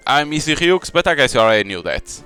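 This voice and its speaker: A man voicing a calm, evasive female company boss in a mystery game. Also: fairly high pitch, fast, smooth, faint music behind. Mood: composed.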